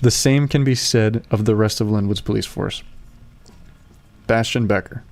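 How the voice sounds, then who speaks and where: Lower-voiced man reading notes aloud. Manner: excited, swearing, reading haltingly. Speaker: player. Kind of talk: reading character notes aloud in a tabletop game.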